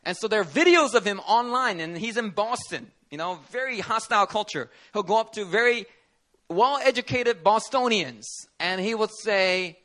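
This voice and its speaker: A man preaching a sermon as pastor at a church service, telling stories with animated energy and acting out the people he quotes. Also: high voice, moderate pace.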